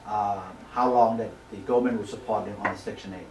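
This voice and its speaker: Man, class attendee, hesitant question, low voice, distant, roomful of people. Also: fairly even intonation, fast talker, a crowd in the background. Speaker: trainee asking questions. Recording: echoey room from a distance, people around.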